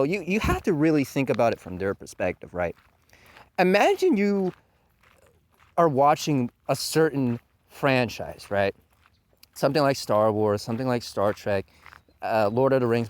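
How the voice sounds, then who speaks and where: A man's voice: medium pitch, no echo. A man hosting a commentary channel, delivering a heated, profane rant and mocking his critics in put-on voices. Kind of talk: ranting commentary monologue.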